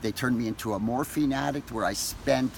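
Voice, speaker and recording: A man ranting angrily to camera, profane and accusatory, shouting at times. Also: medium pitch, fairly quick, gravelly, heavy background noise. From Canada. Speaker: vlogger. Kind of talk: angry direct-to-camera rant.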